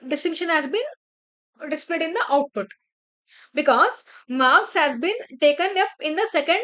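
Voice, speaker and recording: High-voiced woman teaching code step by step. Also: a bit bright. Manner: explains step by step, often checks with "right?" and "clear?". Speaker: programming teacher. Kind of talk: screen-share coding tutorial.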